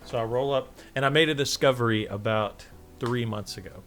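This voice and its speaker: Man telling a lively podcast story. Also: mid-range voice, brisk, soft background music. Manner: animated storyteller, acts out quotes, swears freely. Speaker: podcast co-host. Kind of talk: casual chat, telling an anecdote.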